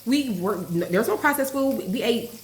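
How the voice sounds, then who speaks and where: A woman vlogging casually while cooking, nervous and excitable, gasping and saying "oh gosh" often. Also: a little high, normal speed. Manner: chatty, nervous and excitable, lots of gasps and "oh gosh". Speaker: health and life coach, vlogger. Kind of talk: casual home cooking vlog. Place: home kitchen. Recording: echoey kitchen with faint frying noise.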